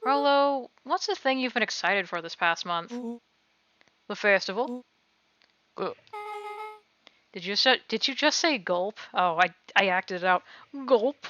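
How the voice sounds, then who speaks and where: A woman streamer playing a game live, joking and reading characters' lines aloud in an animated way. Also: medium pitch, moderate pace, a little hiss or hum. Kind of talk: livestreamed game playthrough, reading dialogue aloud. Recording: slightly dull stream audio. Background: game music.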